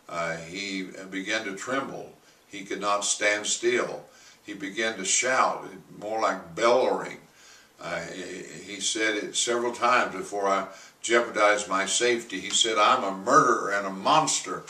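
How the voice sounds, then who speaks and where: Male pastor, testimony sermon, hesitant delivery, bright tone, echoey room. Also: low voice. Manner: halting, full of uh fillers, rising to forceful quoted commands. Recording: roomy, from a distance.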